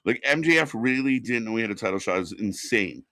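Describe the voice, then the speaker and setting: A man's voice: on the low side, expressive, fairly quick, pushed and bright, dry recording, clean studio sound. A man hosting a casual wrestling talk show, ranting bluntly with plenty of swearing. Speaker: wrestling commentary host. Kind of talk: casual podcast chat.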